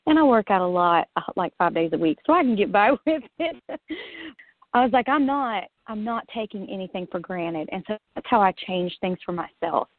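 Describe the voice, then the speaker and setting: A woman's voice: medium pitch, brisk, no room sound. A woman guest telling her own story in a casual interview, acting out what she once said and laughing often. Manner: lively, acts out her own past remarks, laughs often. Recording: dry, phone-like line.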